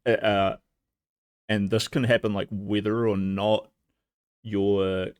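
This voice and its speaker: A man's voice: fairly low pitch, creaky, no room sound, clean studio sound. A young man hosting a casual livestream, rambling with lots of fillers and laughing between thoughts. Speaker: livestream host.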